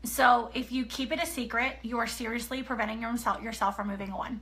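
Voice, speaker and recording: Earnest woman author, thirties, bright and a little high, animated storyteller. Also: brisk. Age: 30s. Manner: earnest, animated storytelling, often checks in with "okay?". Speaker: author sharing a personal story. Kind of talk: casual personal talk.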